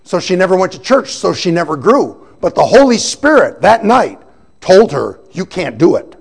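A man giving a personal testimony, telling his story with animated storytelling and acting out the voices of the people he quotes. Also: sits high, normal speed, vocal fry, breathy edge. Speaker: testimony speaker.

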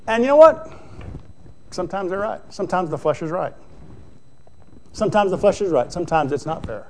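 High-voiced folksy preacher, a man. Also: animated, brisk. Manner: folksy, conversational, rhetorical questions. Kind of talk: sermon.

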